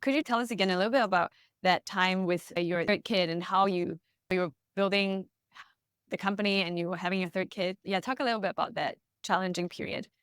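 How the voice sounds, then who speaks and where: A woman's voice: on the low side, a little fast, fairly bright tone, clean tone, dry recording, studio quality. A woman hosting a podcast, asking her guest questions and encouraging her to talk. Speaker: podcast host. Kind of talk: interview questions.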